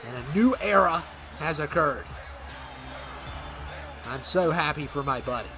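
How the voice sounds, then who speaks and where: High-voiced man commentating a wrestling game. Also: animated, unhurried, pauses often, over music, crowd noise. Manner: dramatic, exasperated, playfully indignant. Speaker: gaming commentator. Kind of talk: casual let's-play commentary.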